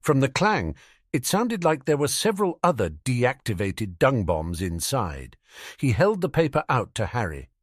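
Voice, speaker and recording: A man narrating a fan fiction audiobook with an expressive reading. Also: medium pitch, measured pace, no room sound, studio quality.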